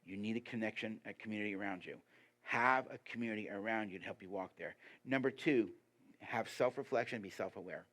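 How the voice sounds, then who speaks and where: A man giving a sermon as a guest preacher, lively and emphatic, putting rhetorical questions to the congregation. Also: fairly quick. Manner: lively and emphatic, pitch rising on key points.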